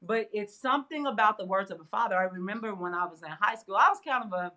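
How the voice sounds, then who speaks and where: A middle-aged woman, a guest on an interview show, telling a personal story in a casual, animated way with frequent laughs. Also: mid-range voice, fast. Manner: animated, laughs often, fillers like "you know". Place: interview studio.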